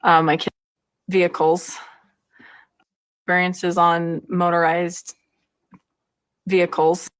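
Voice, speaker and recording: A woman in a reality show clip speaking in a slow, halting, giggly way. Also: fairly low pitch, little pitch movement, smooth, no echo. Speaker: reality show cast member.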